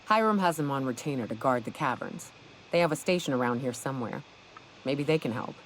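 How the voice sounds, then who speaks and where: A low, laid-back gun-for-hire in a game. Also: female voice, expressive, brisk, a little hiss or hum, low-quality recording. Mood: wry. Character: tough female gun-for-hire companion. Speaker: game companion. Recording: faint game sound under voice.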